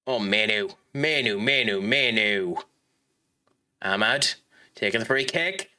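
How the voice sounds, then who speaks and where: A man streaming a football management game, chatting with viewers in a rambling way and reacting loudly to the match. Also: mid-range voice, expressive, takes it slowly. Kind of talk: live gaming stream chat and match commentary.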